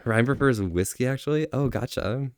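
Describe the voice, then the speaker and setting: A man's voice: mid-range voice, moderate pace, smooth, dry recording, clean studio sound. A young man livestreaming and chatting casually with viewers. He rambles energetically and laughs at himself. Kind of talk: casual live-stream chat.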